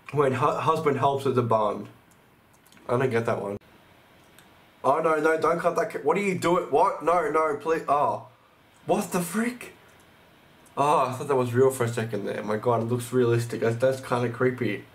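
A man hosting his own channel, giving casual reaction commentary, gushing and exclaiming often, with the odd casual swear. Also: medium pitch. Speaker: channel host.

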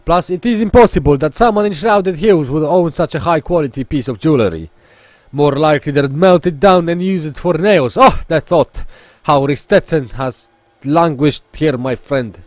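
A man's voice: fairly high pitch, expressive, normal speed, no room sound, natural voice. A man putting on a pompous merchant with a fake Italian accent. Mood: grandiose. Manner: theatrical, refers to himself in third person, stumbles on the accent.

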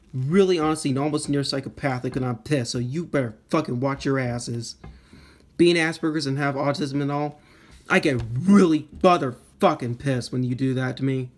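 A man giving casual commentary while demoing phone hacks, rambling and profane, quick to blow up into shouting. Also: medium pitch. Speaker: iPhone jailbreak tinkerer. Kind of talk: casual screen demo commentary.

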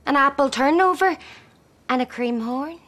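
A woman's voice: high-pitched, moderate pace, a bit bright. An actress playing an exasperated, scolding middle-aged mother with a Derry accent in a sitcom. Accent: Derry, Northern Irish. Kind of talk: sitcom acting.

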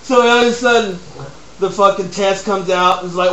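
A young man casually telling a crude comic story, animated and laughing. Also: sits high, moderate pace. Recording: roomy echo, faint noise.

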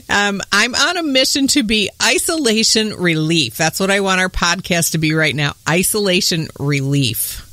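Woman, Southern US accent, podcast host, bubbly, laughs a lot, bright voice. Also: medium pitch, moderate pace, few pauses, dry recording. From northern US. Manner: bubbly, laughs often, whoops with excitement. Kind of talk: casual chat.

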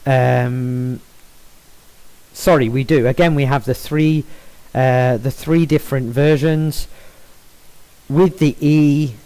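A man walking through a software stylesheet in a screen-recorded tutorial, measured and explanatory, with frequent ums and self-corrections. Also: mid-range voice, fairly even intonation, smooth, rough recording.

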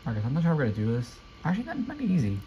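A young man giving live, excitable commentary while playing a video game, often repeating quick exclamations. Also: on the high side, lo-fi sound. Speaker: gameplay streamer.

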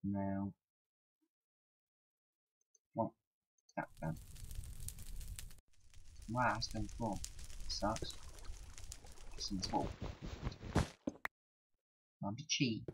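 A man's voice: lowish voice, fairly even intonation, very slow, pauses often, background noise. A man giving casual gameplay commentary, frustrated and self-mocking, sometimes talking about himself in the third person. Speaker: gaming commentator.

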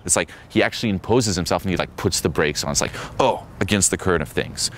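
A man's voice: sits low, fast, a bit bright, a little hiss or hum. A man coaching a seminar in a brash, teasing way, acting out bits of dialogue. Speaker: dating coach. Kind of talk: seminar talk.

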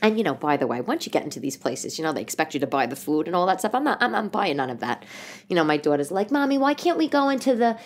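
A woman's voice: low-pitched, fast. A woman, telling comic stories in a loose, chatty monologue full of asides. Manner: chatty, animated, many restarts and asides. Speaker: podcast host, stand-up comedian. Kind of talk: casual comedic monologue.

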